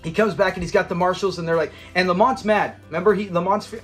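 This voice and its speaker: A man's voice: sits high, steady tone, fast, a bit bright, faint music behind. A man recapping a sitcom episode in a casual, enthusiastic, rambling way. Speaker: episode reviewer.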